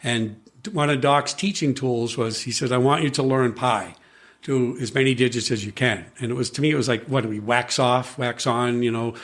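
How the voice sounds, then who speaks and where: At a moderate pace and middling pitch, a man recalls his past as a podcast guest, telling stories with animated conversational flair. He imitates the voices of people he quotes and often restarts his sentences.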